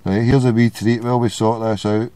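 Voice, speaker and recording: A man hosts a late-night call-in show at a middle pitch. He jokes and swears his way through loose, rambling banter with callers. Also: flat delivery, brisk, mellow, dry recording. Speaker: host.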